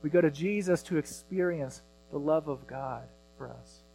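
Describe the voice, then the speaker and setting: Earnest preaching man, slightly high voice. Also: normal speed, vocal fry, a little hiss or hum, rough recording. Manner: earnest preaching, rises loud on scripture readings. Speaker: pastor. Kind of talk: sermon.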